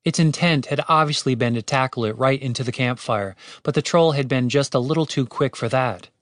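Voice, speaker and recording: A man narrating an audiobook in a steady, wry way. His voice sits at a middle pitch and is recorded close and dry. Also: a little fast, no room sound. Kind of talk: scripted narration.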